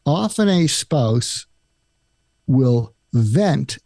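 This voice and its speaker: Older male guest, gravelly and mellow, calm step-by-step advice, dry close sound. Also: medium pitch, very slow, no room sound. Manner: calm, explains step by step, acts out example lines. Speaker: psychiatrist guest. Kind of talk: advice in a podcast interview.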